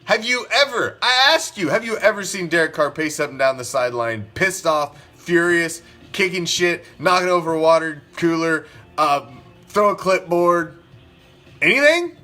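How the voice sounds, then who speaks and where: A man's voice: on the high side, animated, normal speed, bright, forceful tone, soft background music. A man hosting a sports talk show, ranting profanely and firing off rhetorical questions. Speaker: sports podcast host.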